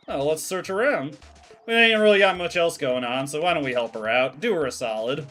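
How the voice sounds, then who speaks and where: A man's voice: on the high side, expressive, fairly quick, a bit bright, soft background music. A man streaming a game, making wry, joking asides and reading dialogue aloud. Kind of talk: casual gameplay commentary, reading dialogue aloud.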